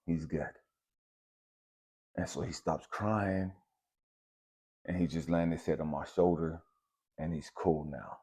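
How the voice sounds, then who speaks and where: A man telling a personal story in a casual, conversational way, mixing slang with spiritual reflection. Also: sits low. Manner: relaxed, conversational, uses slang like bet and dap. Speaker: channel host.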